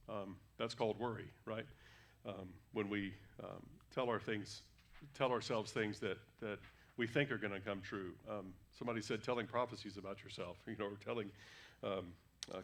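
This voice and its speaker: A man's voice: fairly low pitch, a bit bright. A man giving a sermon as a guest preacher, talking conversationally with frequent fillers and self-corrections in a church sanctuary.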